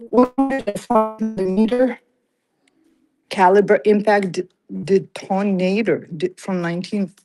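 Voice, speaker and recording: A woman livestreams a walk-through of an old fort museum indoors, sounding a little out of breath in her medium-pitched, dark-toned voice. She reads display cards aloud and chats with viewers between exhibits as the sound comes through a handheld phone mic, giving a rough recording.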